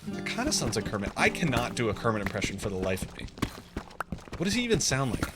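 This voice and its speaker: Streamer, rambling casual commentary, lively pitch, music under. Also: fast talker. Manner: rambling, self-deprecating, chatty. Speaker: live streamer.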